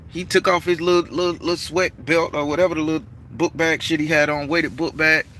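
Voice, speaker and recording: A man casually telling a story to his viewers, his voice climbing high and heated as he acts out an argument. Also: fairly quick, hardly any pauses, recorded from a distance, a little hiss or hum. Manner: animated street-talking storyteller, rising excited and heated as he retells.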